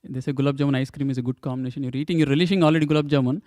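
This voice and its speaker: A man's voice: medium pitch, fairly even intonation, racing, darkish tone, no echo, clean studio sound. A man giving a temple scripture class, emphatic, repeating points and asking rhetorical questions.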